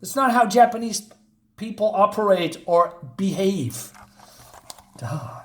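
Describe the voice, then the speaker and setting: A man's voice: high voice, unhurried. Exasperated, sarcastic man ranting. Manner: rambling, many fillers and restarts. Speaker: comic book reviewer. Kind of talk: ranting review.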